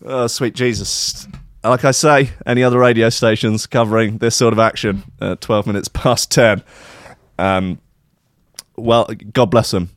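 A man's voice: on the low side, fairly even intonation, a little slow, dry recording. A man hosting a radio show, rambling through crude, irreverent banter and often laughing at his own jokes. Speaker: radio host. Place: radio studio.

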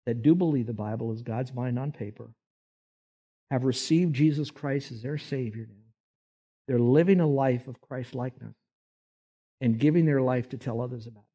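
A man's voice: mid-range voice, mellow, muffled recording. A man preaching a sermon, folksy and emphatic, posing rhetorical questions to his listeners. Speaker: pastor.

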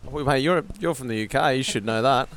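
A man's voice: medium pitch, brisk, fairly bright tone, a little hiss or hum. A man hosting a cycling podcast outdoors, chatting upbeat with fellow riders along the route. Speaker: podcast host. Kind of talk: casual chat while cycling.

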